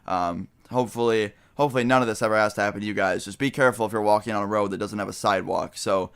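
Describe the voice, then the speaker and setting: A man's voice: lowish voice, fairly even intonation, rapid-fire, a bit bright, clean tone. A young man telling a personal story to his viewers in a casual, rambling way, with lots of fillers and the odd swear word. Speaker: vlogger.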